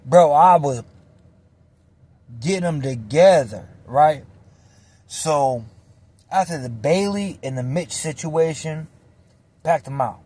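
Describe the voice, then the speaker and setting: A man casually telling a personal story in slangy, animated speech full of swearing. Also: fairly high pitch, slow, long pauses.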